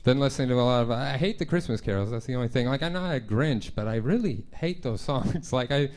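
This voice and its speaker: A young man doing a stand-up comedy set in a club, talking in a conversational, self-deprecating way and jumping into quick voices for his stories. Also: mid-range voice, expressive, a little mellow. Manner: conversational, self-deprecating, punchy act-outs.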